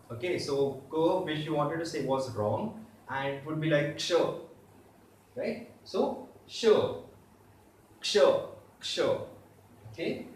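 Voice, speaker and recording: A man teaching a step-by-step language lesson, patiently repeating each sound slowly so it can be drilled. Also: a little high, slight background noise. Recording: very echoey room, voice far from the mic.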